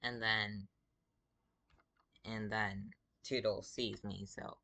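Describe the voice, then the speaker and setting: A man's voice: lowish voice, level tone, very slow, creaky, pushed and bright. A man who is sick gives casual commentary as he reads out game chat, sounding exasperated and drawling with lots of fillers. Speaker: gaming video creator.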